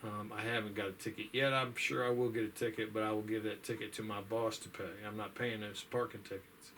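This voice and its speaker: Talking to his audience, a vlogger drifts through a folksy, casual chat, worn out and yawning, full of fillers and sighs. His voice is fairly low with a fairly bright tone and a level delivery, his pace is brisk, and there is slight background noise.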